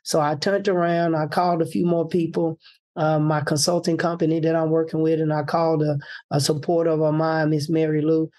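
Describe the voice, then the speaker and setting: A man, a political candidate telling a personal story in an animated way and acting out the voices he quotes. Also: a little high, fairly quick.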